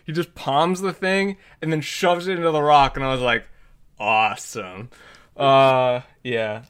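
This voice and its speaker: A man co-hosting a podcast, casually recapping a film plot with lots of fillers and quick acted-out character lines. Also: fairly high pitch, clean tone. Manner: animated, many fillers, acts out characters' lines. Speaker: podcast co-host.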